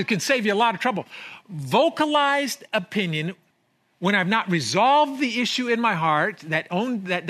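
A male pastor preaching a sermon in an emphatic way, repeating phrases and swinging between loud and hushed delivery. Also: high-pitched.

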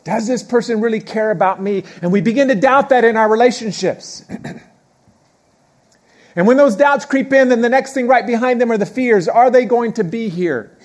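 A middle-aged man preaching a sermon in a church, talking conversationally, dropping quiet, then building loud, and repeating key phrases. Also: extremely high pitch, moderate pace. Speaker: pastor.

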